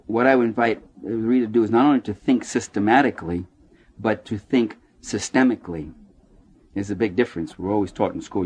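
This fairly low-pitched man is presenting his book at a bookstore. Animated and jokey, he tells stories, performs quoted voices, and frequently starts his sentences over.

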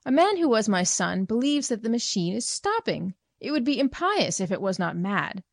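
A woman voicing a fussy, indignant woman who is easily irritated, shrill and petulant. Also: sing-song, moderate pace, vocal fry, no room sound, full character voice. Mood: incredulous.

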